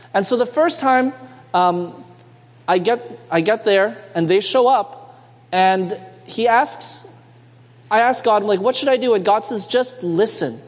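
A young man from Canada preaches to his congregation with a high, bright voice. He tells his story in a lively way and asks them for amens. Long reverb from the church hall follows his words. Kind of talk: sermon storytelling. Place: church sanctuary.

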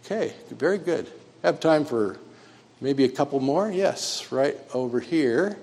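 A man leading a church sermon and inviting the congregation to share, speaking haltingly with many fillers. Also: mid-range voice, animated, creaky, darkish tone. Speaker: pastor. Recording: long reverb in a church.

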